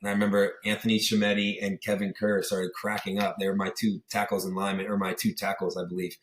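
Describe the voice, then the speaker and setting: Speaking quickly with a fairly low pitch and a completely flat delivery, a young Pittsburgh-area man, USA, chats as a podcast guest in a roomy-sounding space. He rambles through stories packed with fillers and voices the people he quotes, all in a casual interview.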